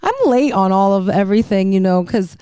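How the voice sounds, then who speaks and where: A woman hosts her own podcast and talks casually on her own, circling and restarting her thoughts. Her voice is very clear and smooth. The close-miked sound is dry, with no room echo. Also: medium pitch, a little fast, dark tone. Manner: rambling, self-interrupting, emotional and playful. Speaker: podcast host. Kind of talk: casual solo podcast chat.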